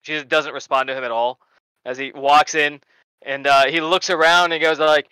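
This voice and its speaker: A man narrating as game master of a tabletop game, animated and lively. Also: a little high, normal speed, clean tone, no room sound, poor audio. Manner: animated narration with voiced asides.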